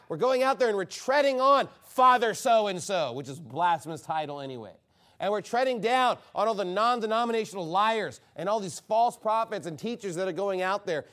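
High-voiced man preaching a fiery sermon. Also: fairly bright tone. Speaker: pastor.

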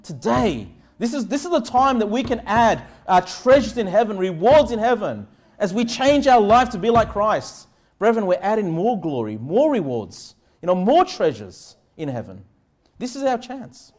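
Pastor guy preaching, high voice, earnest, lots of questions to the crowd. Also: sing-song, a little mellow. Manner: slow, deliberate scripture reading. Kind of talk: sermon.

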